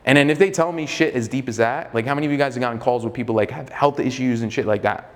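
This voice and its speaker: A man coaching salespeople in a loose, profane and slightly arrogant way, acting out both sides of sales calls. His voice sits at an ordinary middle pitch. Long reverb from the room trails after his words. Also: quick pace. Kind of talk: live sales training.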